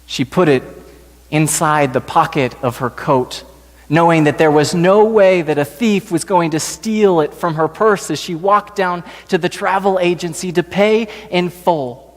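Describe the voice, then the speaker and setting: Brief: male preacher, measured gentle storytelling, slightly high voice, long church reverb. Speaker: pastor. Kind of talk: storytelling sermon. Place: church sanctuary.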